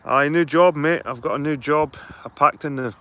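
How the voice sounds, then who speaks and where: A man's voice: a little high, moderate pace, fairly bright tone. Middle-aged man, rambling and sweary. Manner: rambling, sweary, matter-of-fact. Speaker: livestreaming vlogger. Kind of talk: casual chat to live viewers. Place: outdoors at a garden allotment.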